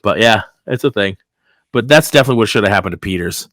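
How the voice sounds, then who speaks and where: A man hosting a podcast, telling a story in casual chat, animated and full of fillers and swearing. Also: fairly low pitch, quick pace, dry recording. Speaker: podcast host.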